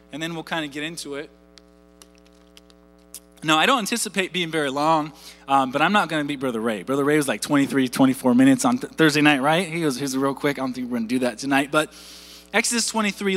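A man's voice: sits high, sharp tone, big-room sound. A man in his thirties preaching a sermon in a conversational way, repeating words and putting questions to his congregation. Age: 30s. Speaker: pastor.

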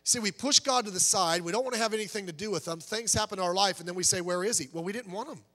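A man preaching a sermon as pastor, swinging from soft low asides to raised, pleading urgency. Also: rapid-fire. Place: church sanctuary. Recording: church hall reverb.

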